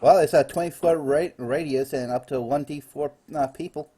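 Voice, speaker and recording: A man's voice: a little high, moderate pace, dark tone, slightly rough. A man running a live online tabletop game as dungeon master, chatty and explaining rules with fillers.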